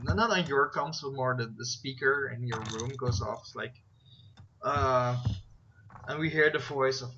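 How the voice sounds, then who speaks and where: A man running a tabletop role-playing session, talking in a loose, rambling way with plenty of "like" and restarts. His voice is bright and forward, and the recording sounds a little dull and lo-fi. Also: mid-range voice, slight background noise. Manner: rambling, many fillers and restarts. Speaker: game master. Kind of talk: casual tabletop game narration.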